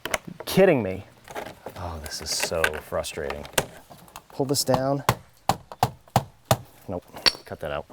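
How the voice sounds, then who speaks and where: A man's voice: deep voice, very animated, takes it slowly, pauses often, very noisy. A man hosting home repair videos, chatting casually and muttering in an exasperated, self-mocking way while he works outdoors.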